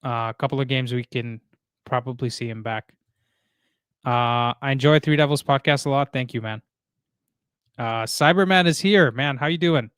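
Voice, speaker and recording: A man hosting a casual live stream, reading chat messages aloud in a relaxed way, with plenty of fillers. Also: medium pitch, normal speed, pauses often, smooth, no room sound, studio quality. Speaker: livestream host.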